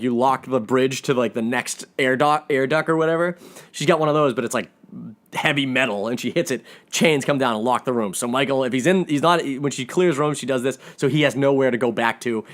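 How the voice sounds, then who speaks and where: An excitable man who recaps a film in casual, rambling speech. He talks with plenty of restarts and bursts of enthusiasm, and his voice sits at a middle pitch for a man. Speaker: movie reviewer.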